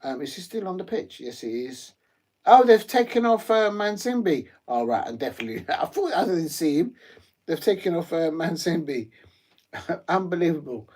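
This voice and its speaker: A man's voice: a little high, expressive, normal speed, darkish tone, husky. A man hosting a live football watch-along, chatty and rambling, with lots of ums and uhs. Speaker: live stream host.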